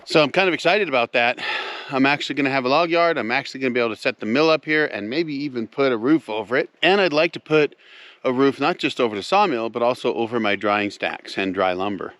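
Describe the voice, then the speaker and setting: Strolling around outdoor woodland, this off-grid cabin builder chats to his vlog viewers in a homespun way, addressing them as folks. His mid-range, fairly bright voice moves fast, and the audio is dry.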